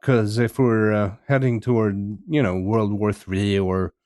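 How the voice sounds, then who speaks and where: A man's voice: fairly low pitch, steady tone, a little slow, a little mellow, no room sound. Dry-witted Swedish man, podcast host. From Sweden. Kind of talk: casual chat.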